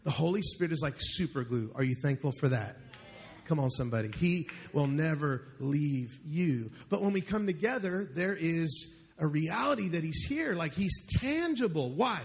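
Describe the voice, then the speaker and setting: Man, pastor, high voice, live church sermon, joking, asks the congregation questions. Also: animated, moderate pace.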